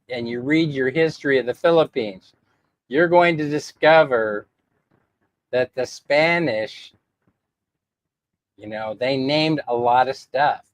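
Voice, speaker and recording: A man rambling in a casual livestream chat, laughing often as he answers viewers. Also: mid-range voice. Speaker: vlogger reading live chat.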